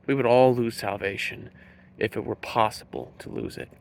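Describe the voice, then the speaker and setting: A man giving an earnest preaching monologue to camera, slow and emphatic, leaning on key words. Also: fairly low pitch, steady tone, vocal fry, slight background noise. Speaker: Christian speaker.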